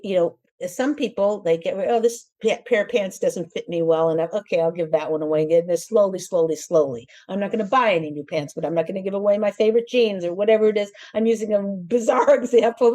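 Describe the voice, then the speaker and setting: A woman hosting a talk show, giving casual marriage advice in an animated way, laughing often and acting out quoted voices. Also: lowish voice. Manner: frequent restarts and fillers.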